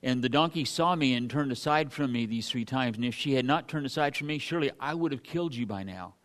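A man preaching a casual sermon, reading scripture aloud between folksy, animated asides to his congregation. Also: medium pitch, quick pace.

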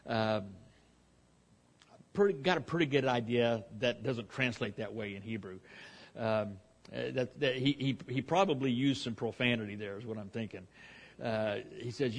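A man's voice: medium pitch, a little fast. A man preaching verse by verse through a Bible passage, talking conversationally with frequent restarts and fillers.

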